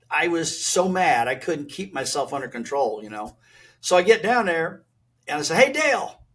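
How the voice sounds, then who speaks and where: An older man, a retired race driver, telling animated stories as a podcast guest and acting out old exchanges in a blunt, folksy way. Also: on the high side, slightly rough. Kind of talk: animated storytelling.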